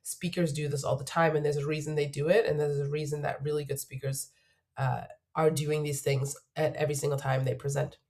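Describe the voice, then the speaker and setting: A woman's voice: sits low, flat delivery, a little fast, a little mellow. Woman coach getting over a cold. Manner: earnest, emphatic, repeats key points. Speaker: job search coach. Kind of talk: to-camera advice video.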